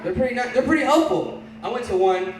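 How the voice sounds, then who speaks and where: An Oklahoma comedian with a very high voice does fast, animated stand-up in a small bar, bantering casually with the crowd. The recording carries the room's echo and the audience's noise.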